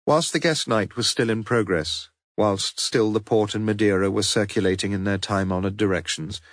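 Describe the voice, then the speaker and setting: A male audiobook narrator with a low voice reads scripted narration. The recording is dry and of studio quality.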